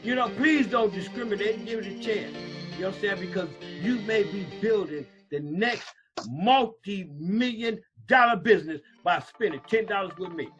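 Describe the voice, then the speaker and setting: A man's voice: sits high, normal speed, a bit bright, dull audio, faint music behind. A man hosting a casual chat, talking emphatically in street slang with a slight North Louisiana accent. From Los Angeles. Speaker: host.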